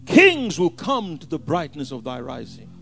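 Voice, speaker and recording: A man preaching a sermon, swinging from hushed asides to shouted scripture quotes. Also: on the high side, huge pitch swings, measured pace, vocal fry, faint music behind.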